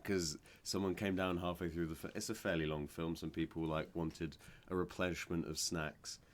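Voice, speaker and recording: A man's voice: low-pitched, normal speed. A man co-hosting a casual podcast, telling a story and acting out the people in it. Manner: animated storyteller acting out scenes with voices. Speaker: podcast co-host, cinema worker. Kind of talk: casual chat.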